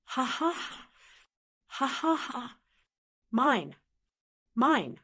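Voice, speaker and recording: A woman's voice: medium pitch, animated, measured pace. A woman voicing a greedy, vicious old man who gloats and cackles as he grabs for power. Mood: gloating.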